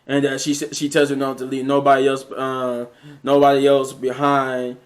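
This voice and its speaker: A man's voice: mid-range voice, monotone, moderate pace. A man casually recapping a movie scene by scene, rambling with many fillers and restarts. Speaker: movie reviewer.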